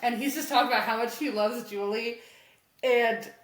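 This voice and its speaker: A woman's voice: on the high side, moderate pace. A woman co-hosting a podcast, casually recapping a comic story, acting out the characters' lines and swearing as she goes. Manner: animated retelling, acting out lines in quotes, swearing. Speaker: podcast co-host. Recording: echoey room.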